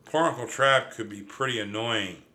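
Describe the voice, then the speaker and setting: A man's voice: medium pitch, normal speed, sharp tone, natural voice. A man voicing a young, earnest male mouse nephew in a storybook reading. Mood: candid.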